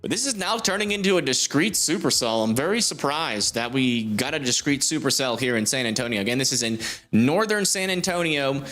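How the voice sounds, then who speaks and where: A young man talks through a live storm stream in a loose, offhand way, full of "uh"s as he reads the radar. His pitch sits mid-range for a man. Faint music plays behind him. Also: lively intonation, brisk, fairly bright tone. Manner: informal, thinks aloud, many fillers. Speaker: storm chaser livestream host. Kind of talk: live weather commentary.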